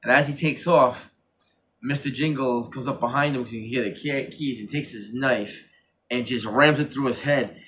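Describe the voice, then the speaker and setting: A man's voice: mid-range voice, moderate pace, fairly bright tone, a little hiss or hum. A man co-hosting a casual horror review chat, rambling and repeating himself as he acts out quotes from the show. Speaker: podcast co-host.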